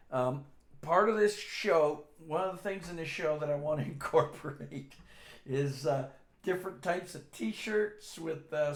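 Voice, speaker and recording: A man's voice: on the high side, gravelly. A middle-aged man hosting his own show, telling rambling, darkly funny stories in a casual, self-deprecating way. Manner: dark-humored, self-deprecating, chatty. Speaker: show host. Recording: echoey room.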